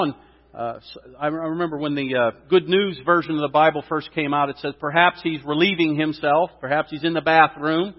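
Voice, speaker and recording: A man preaching a sermon in church, telling a story with lively, rising exclamations. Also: a little high, normal speed. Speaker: pastor. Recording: dull sound, long hall reverb.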